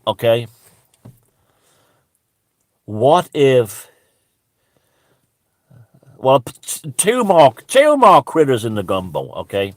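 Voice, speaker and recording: A man's voice: mid-range voice, wildly swooping pitch, slow pace, pauses often, no room sound. A man delivering a crude, scornful ranting monologue as a commentator, swearing heavily. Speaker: alternative-thinking commentator.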